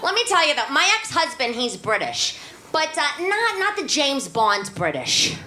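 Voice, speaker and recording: Woman putting on a brash single mother from New York, nasal, high and swooping, brassy crowd work, cabaret stage, echoey noisy room. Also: very animated, normal speed. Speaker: stand-up character. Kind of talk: live cabaret comedy. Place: cabaret stage with live audience.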